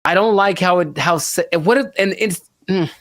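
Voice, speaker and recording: A man's voice: sits high, moderate pace, a bit bright, no echo. Rambling young male podcast co-host. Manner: rambling, restarts often, wry. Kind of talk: casual podcast banter.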